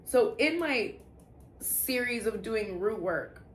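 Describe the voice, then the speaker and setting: A woman's voice: fairly high pitch, lively intonation. Candid, swearing woman in an echoey room. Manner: candid and profane, with halting restarts. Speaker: vlogger sharing personal testimony. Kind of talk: casual confessional storytelling. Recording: echoey room with faint background noise.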